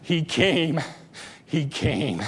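A man's voice: very high voice, lively intonation, unhurried, pushed and bright, voice pushed up, exaggerated voice. A male preacher voicing a sick little girl in a hospital story, telling a grouchy nurse the good news. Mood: earnest.

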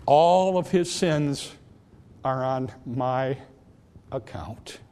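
A man preaching, voicing the Savior from a heavenly light in a slow, soft and tender way. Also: on the low side, slight background noise, voice pushed down.

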